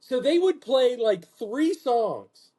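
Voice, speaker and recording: High-voiced man telling a lively story. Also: slow, slightly rough. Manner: animated, profane, acts out quotes in a lower voice. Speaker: podcast host. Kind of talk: casual storytelling chat.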